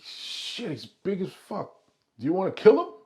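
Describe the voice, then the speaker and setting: A man's voice: high voice, huge pitch swings, normal speed, a little mellow, pitched above the performer's own voice, full character voice. A man voicing a brash male broker with mob ties, using an Italian-American New York accent and talking in a streetwise, profane way. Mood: eager.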